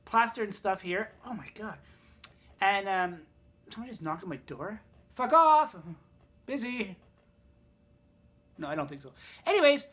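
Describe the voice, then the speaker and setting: A man's voice: high-pitched, pushed and bright. A man telling a story in a casual vlog, rambling, swearing and sarcastic, in pain from a broken thumb. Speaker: vlogger.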